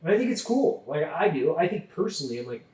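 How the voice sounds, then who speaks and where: A man's voice: fairly high pitch, big pitch swings, fast talker, a little mellow. A man hosting a podcast, talking emphatically in casual chat and swearing freely. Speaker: podcast host. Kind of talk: casual conversation. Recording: roomy sound, distant from mic.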